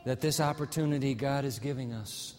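A man's voice: mid-range voice, a little mellow, long reverb tail, faint music behind. Man preaching with dramatic storytelling. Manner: dramatic storytelling, slowing down for emphasis. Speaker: pastor. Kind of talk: sermon.

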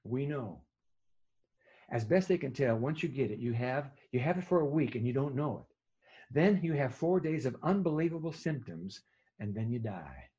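A man preaching a sermon as a vivid story, dropping to a hush at tense moments. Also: medium pitch, lively intonation, moderate pace, breathy edge, dull audio. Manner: vivid storytelling with sudden hushed drops.

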